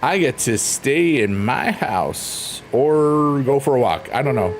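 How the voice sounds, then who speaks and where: A man hosting a relaxed livestream, chatting playfully and reading out messages from his viewers. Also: medium pitch, slow, a little hiss or hum. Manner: playful, silly, rambling, reads chat aloud. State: drained. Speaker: livestream host. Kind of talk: casual chat with live chat readers. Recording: faint piano music underneath.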